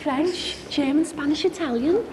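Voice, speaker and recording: A woman's voice: high-pitched, measured pace, noisy background. An actress playing a shy, hesitant young woman in a TV soap drama. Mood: unsure. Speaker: daughter.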